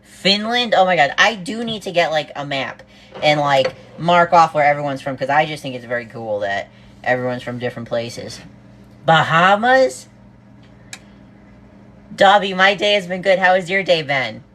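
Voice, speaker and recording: A woman's voice: low voice, moderate pace, a bit bright, slight background noise. A woman from the US East Coast on a cooking livestream, bubbly, greeting viewers one after another and saying "oh my God" a lot. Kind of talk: casual livestream chat.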